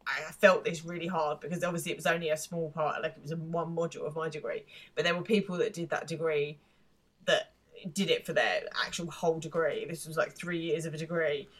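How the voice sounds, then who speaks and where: A woman's voice: sits low, fairly even intonation, a little fast. A young woman co-hosting a podcast, chatting casually and rambling with many restarts. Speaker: podcast co-host. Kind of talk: casual chat.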